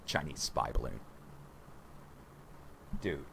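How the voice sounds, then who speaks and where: A man in his forties hosting a rambling livestream from a room at home, excitable and conspiratorial, talking to viewers as guys. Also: rumbling low, slow, creaky, a little hiss or hum. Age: 40s. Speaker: livestream host.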